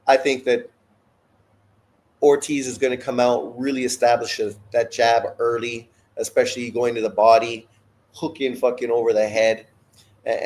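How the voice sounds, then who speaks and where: A boxing show host from Canada runs a live watch-along, ranting bluntly and profanely with strong opinions between bouts of fight talk. He speaks in a mid-range voice with a darkish tone.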